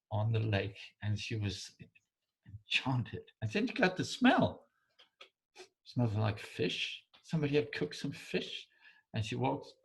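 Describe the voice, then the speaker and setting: A man telling a folk tale in English, halting and repeating words, often checking in with his listener. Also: mid-range voice. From Denmark. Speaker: storyteller. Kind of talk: oral folk storytelling.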